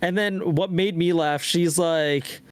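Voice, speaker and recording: Higher-voiced man in profane gaming chat. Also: slow pace, smooth. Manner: profane, animated retelling of his own reactions. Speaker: podcast co-host.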